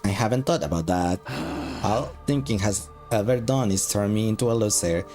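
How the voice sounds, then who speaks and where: A man doing a cursing, monotone demon soldier. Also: fairly low pitch, normal speed, soft background music, lightly acted. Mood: commanding. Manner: flat monotone, swearing constantly. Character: bitter, guilt-ridden male demon soldier. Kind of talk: game dialogue read aloud.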